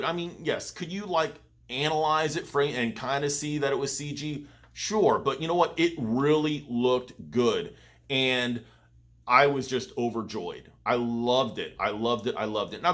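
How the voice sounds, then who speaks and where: A man's voice: medium pitch, a bit bright. A man hosting his own vlog, chatting casually and rambling enthusiastically as he tells a story. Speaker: vlogger, channel host.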